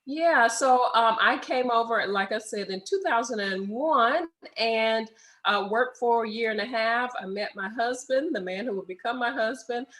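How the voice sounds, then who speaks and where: A woman's voice: fairly high pitch, normal speed, rough recording. A middle-aged woman, a guest telling stories with a laugh in a casual interview over a video call. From United States. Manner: animated storyteller, laughs often.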